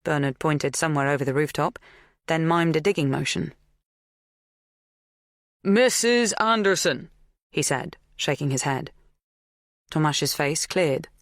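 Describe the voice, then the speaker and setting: An audiobook narrator reading a thriller in an even, measured way. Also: medium pitch, no room sound, clean studio sound.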